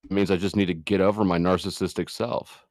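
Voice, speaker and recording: Opinionated low-voiced middle-aged man. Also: steady tone, fairly quick, darkish tone, no echo, studio quality. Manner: argumentative, opinionated. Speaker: stream guest. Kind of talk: casual debate.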